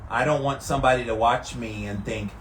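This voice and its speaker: Calm, steady-voiced man in an ice bath. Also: mid-range voice, brisk, roomy sound, a little hiss or hum. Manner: calm and steady, relaxed despite the cold. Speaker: vlogger doing a daily ice bath challenge. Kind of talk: casual talk to camera. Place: sitting in an ice bath tank.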